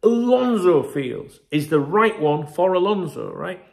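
A man's voice: high-pitched, sing-song, a little slow, creaky, darkish tone. A man hosting a football channel, talking casually and emphatically, often tagging "right?" and swearing. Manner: chatty, emphatic, keeps asking "right?", swears. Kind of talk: casual commentary to camera.

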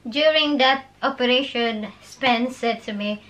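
A woman, telling a personal story in a casual, animated way with laughs and halting phrases. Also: a little high. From Philippines. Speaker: vlogger.

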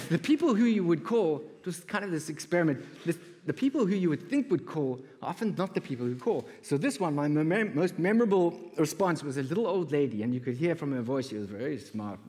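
A man with a South African accent tells stories at a conference, keeping the tone light and humorous. His voice sits a little high. A long reverb from the large hall trails after his words. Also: lively intonation, a little fast, a little mellow. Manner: humorous, acts out callers' voices with big pitch jumps. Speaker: conference speaker. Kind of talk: storytelling keynote talk.

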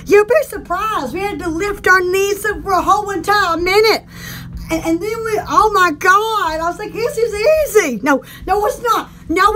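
Very high-pitched, giggly woman host. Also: slight background noise. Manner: excitable and giggly, coos and hums often; blows kisses to viewers. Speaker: live-stream shopping host. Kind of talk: casual live-stream chat with viewers.

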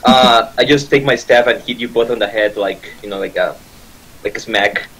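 A man's voice: medium pitch, moderate pace, noisy background. A man playing a tabletop game, describing actions hesitantly with many fillers. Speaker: player. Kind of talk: tabletop role-play.

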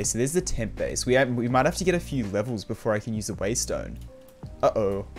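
Excitable young Australian man streaming a game. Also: medium pitch. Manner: excitable, reacting aloud with frequent laughs and slang. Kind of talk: live gameplay commentary.

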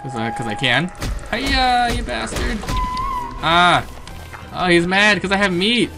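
A man narrating his own game run in a chatty, think-aloud way, breaking into excited yelps and curses at enemies. His voice swings widely in pitch. Game music runs clearly underneath. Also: normal speed. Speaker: gaming commentator. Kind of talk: let's play commentary.

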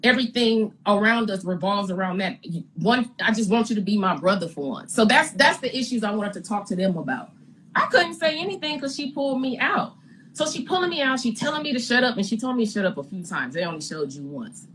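Blunt, animated woman telling her side. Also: medium pitch, fairly quick, a little hiss or hum, rough recording. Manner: animated, re-enacts her own and others' words, blunt slang. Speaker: reality TV personality giving her side. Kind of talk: candid storytelling interview.

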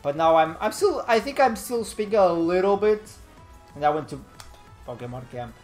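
A man's voice: high voice, animated, moderate pace, darkish tone, faint music behind. Laid-back rambling male streamer. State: slightly nasal from a fading cold. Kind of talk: casual live-stream chat.

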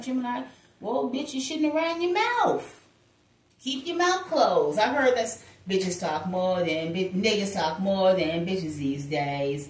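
A woman's voice: medium pitch, distant mic. A woman giving a casual tarot reading, chatty and exclaiming as she talks straight to her listeners. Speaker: tarot reader. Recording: echoey room, voice off-mic.

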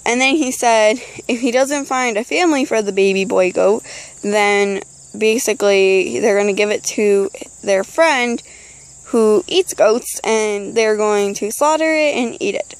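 A woman's voice: medium pitch, measured pace, no echo, rough recording. A teenage girl chatting casually outdoors beside an animal pen, rambling with frequent ums. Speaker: vlogger. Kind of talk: casual chat.

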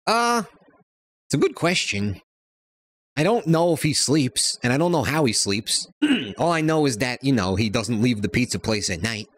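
A man guesting on a stream, speaking into a close mic in a teasing, playful way. His pitch swings widely through relaxed, joking chat. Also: moderate pace. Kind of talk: casual chat. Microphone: close desk mic.

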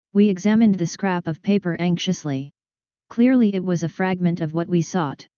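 A woman reading a detective story aloud in a measured, even storytelling manner, in a dull lo-fi recording. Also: lowish voice, no echo. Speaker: audiobook reader. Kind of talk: scripted narration of a detective story.

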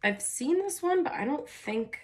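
A woman's voice: high-pitched, lively intonation, a little slow, a little mellow, a little hiss or hum. A woman with a stuffy, nasal voice from a cold, giving a chatty tarot reading and calling listeners darling. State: congested with a cold. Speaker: tarot reader.

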